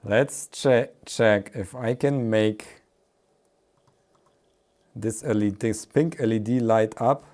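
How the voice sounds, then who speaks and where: A man's voice: lowish voice, takes it slowly, pauses often, a little mellow. A man streaming live as he builds an electronics project, thinking aloud and laughing often as he works.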